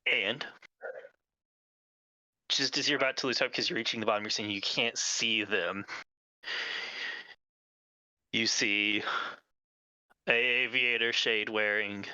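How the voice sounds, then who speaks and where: A man's voice: on the low side, fairly even intonation, slow pace, long pauses, pushed and bright, smooth, no echo, low-quality recording. A man running a tabletop game as game master, describing scenes and calling for dice rolls.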